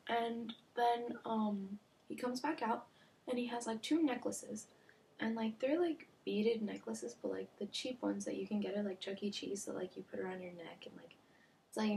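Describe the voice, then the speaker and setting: Chatty young woman with gravelly fry. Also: medium pitch, fairly even intonation, normal speed, warm tone. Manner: chatty, many "like" fillers, drops to near-whispers. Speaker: vlogger. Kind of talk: storytime vlog. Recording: faint background noise.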